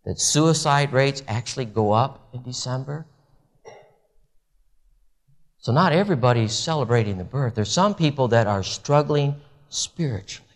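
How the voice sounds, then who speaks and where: A man preaching a sermon in a church, animated, with wide swings in pitch and loudness. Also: normal speed. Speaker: pastor.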